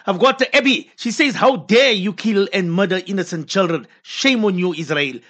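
High, husky man reading messages. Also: normal speed, a bit bright. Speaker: co-host reading listener messages. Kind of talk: radio podcast Q&A.

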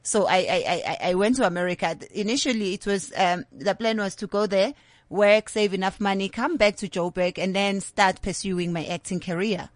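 A woman's voice: mid-range voice, normal speed, no room sound. A middle-aged woman with a South African accent, a guest telling her life story candidly in a casual interview. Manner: candid, storytelling, slips in Zulu words.

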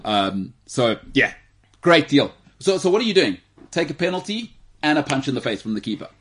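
A man co-hosting a casual sports chat show, telling stories with quick put-on voices. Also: mid-range voice, slight background noise. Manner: animated storytelling, puts on quick character voices. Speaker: podcast co-host.

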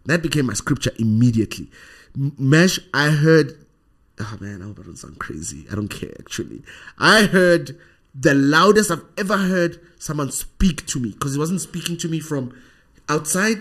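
A man with a South African accent, a podcast guest telling a personal story in animated conversation, often ending sentences with "right?". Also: fairly high pitch, slightly rough.

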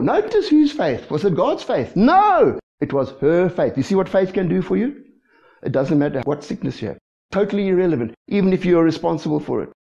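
Pastor preaching, mellow and a bit high, lots of amens, muffled lo-fi church recording. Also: male voice, vocal fry. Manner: lively preaching with frequent call-and-response asides. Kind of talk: sermon.

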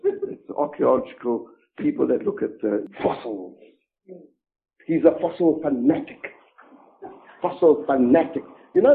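A middle-aged man preaching a sermon in a sarcastic, mocking, theatrical way. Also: sits high. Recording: narrow tinny phone-like sound.

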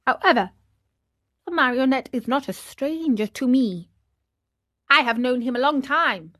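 A woman's voice: high voice, expressive, measured pace, a bit bright. A woman voicing a stern, wise male cricket who scolds sharply.

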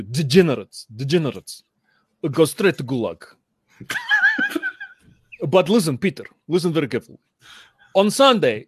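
A man's voice: fairly high pitch, no echo. A man doing a mock-menacing Slovenian philosopher. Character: impression of a famous male Slovenian philosopher, theatrical, mock-menacing.

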